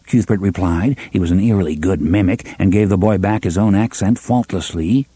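A man narrating a novel in a steady, measured audiobook reading. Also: deep voice, slightly rough.

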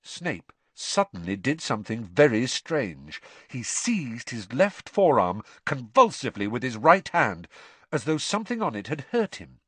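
A man narrating a novel as an audiobook, in an expressive, dramatic storytelling way, recorded in a studio. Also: medium pitch, a little slow, husky, dry recording.

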